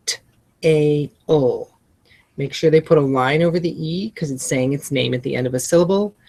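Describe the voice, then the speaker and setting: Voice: medium pitch, creaky. A reading teacher walking colleagues through a spelling lesson, spelling words out letter by letter and enunciating each syllable, with friendly asides. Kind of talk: lesson-prep walkthrough.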